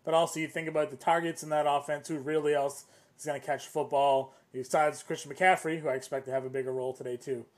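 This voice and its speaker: A man producing a fantasy football live stream, talking fast with a fairly high voice. He gives his analysis plainly and matter-of-factly. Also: steady tone. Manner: quick, matter-of-fact analysis. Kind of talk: casual live-stream chat.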